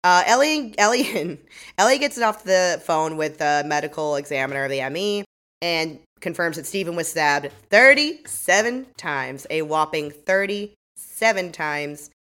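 Low-voiced woman recapping a show. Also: a little slow. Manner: animated, laughs often, acts out characters' lines. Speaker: podcast co-host. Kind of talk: casual recap chat.

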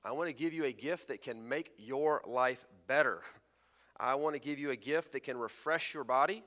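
Male pastor, unwell and fatigued, chatty sermon delivery, bright tone, long church-hall reverb. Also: mid-range voice, moderate pace. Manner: conversational, self-deprecating, prays softly.

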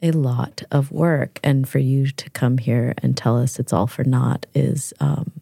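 A woman at a tabletop game who gets straight to the point, blunt and a little frustrated. Her voice is very low with a gravelly fry, dark and mellow, recorded close and dry. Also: measured pace, dry recording. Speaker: player. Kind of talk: in-character tabletop play.

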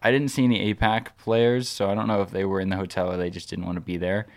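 A man's voice: sits low, level tone, fast talker. A man co-hosting a podcast, telling a long story in casual chat, rambling with frequent restarts and filler words. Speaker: podcast co-host.

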